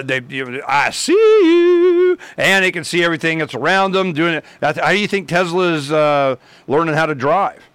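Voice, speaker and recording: A man's voice: on the high side, fairly bright tone, no echo. A man rambling through a casual story, acting out both sides of the conversations in his own voice.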